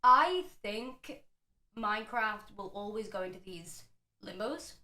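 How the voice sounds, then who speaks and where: A woman's voice: mid-range voice, lively intonation, slow, echoey room. A woman guest on a casual podcast, chatting with a lot of energy, swearing and laughing often.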